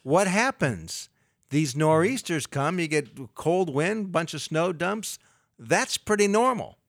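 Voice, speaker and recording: A middle-aged man, a financial advisor, explaining investing on a radio talk show in a lively way with everyday analogies. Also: fairly high pitch, slow pace, no echo, studio quality.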